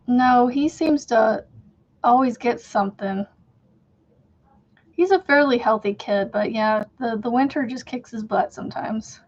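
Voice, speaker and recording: A chatty woman in her thirties talks casually as she crochets on a home livestream, rambling from one thought to the next and laughing easily. Her voice sits a little high for a woman. The sound is dull and lo-fi. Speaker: crochet channel host.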